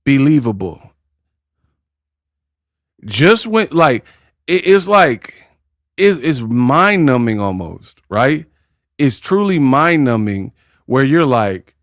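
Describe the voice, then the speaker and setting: Brief: male stream host, mocking slangy rant, unhurried, dry close sound. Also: mid-range voice, expressive, no echo. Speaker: boxing commentary livestream host. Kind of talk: casual livestream rant.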